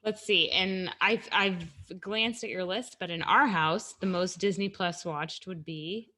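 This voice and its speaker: A woman's voice: lowish voice, measured pace, bright, forceful tone. Woman in her 30s on a home podcast, chatty, dry jokes, some swearing. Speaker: podcast co-host. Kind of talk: casual chat.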